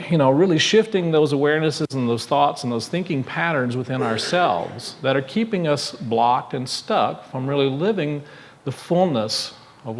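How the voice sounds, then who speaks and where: A man's voice: medium pitch, a little hiss or hum. Man preaching a conversational sermon. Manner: conversational, asks the congregation questions. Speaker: minister. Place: church sanctuary.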